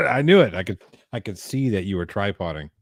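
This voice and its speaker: A man's voice: lowish voice, very animated, normal speed, dry recording. A man joining a stream as a guest, joking and teasing in casual banter. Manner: teasing, laughing.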